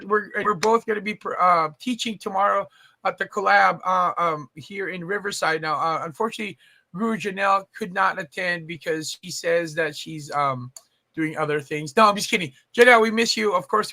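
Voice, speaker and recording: A man's voice: high voice, vocal fry, bright, forceful tone. A man hosting a live stream chat, chatty and teasing, with many fillers. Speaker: host.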